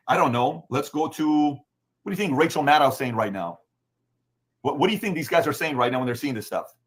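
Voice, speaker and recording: A man from Iran with a Middle Eastern accent, talking as a podcast guest in an emphatic way that is full of rhetorical questions. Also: a little high. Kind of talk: opinionated podcast talk.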